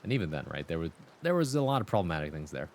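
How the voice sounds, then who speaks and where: Low-voiced man chatting on a livestream. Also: sing-song, very fast, a little hiss or hum. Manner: conversational, acts out quoted voices in anecdotes. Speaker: livestream host. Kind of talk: casual chat with chat readers.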